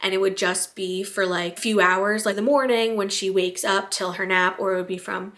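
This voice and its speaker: A woman's voice: mid-range voice, steady tone, moderate pace, fairly bright tone. A young, heavily pregnant woman chatting casually to her camera, rambling with lots of "like" fillers and sounding tired. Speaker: vlogger.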